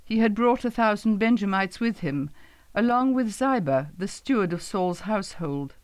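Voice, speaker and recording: A woman narrates a Bible story in a measured, even storytelling manner. Her voice sits at an ordinary middle pitch. The recording is dry and close, with no room sound. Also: dry recording. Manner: measured storytelling, quotes read in her own voice.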